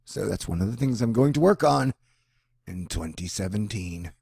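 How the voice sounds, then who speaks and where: A man giving a rambling personal monologue, swinging between loud animated bursts and low mutters. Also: moderate pace, creaky, breathy edge, dry recording, clean studio sound. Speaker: vlogger.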